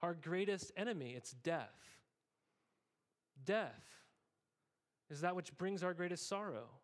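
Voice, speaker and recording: A pastor preaches to his congregation in a relaxed, conversational manner, peppering the sermon with quick asides and frequent "okay?" checks. His voice is somewhat higher than most men's, and he shifts between casual banter and earnest, emphatic preaching.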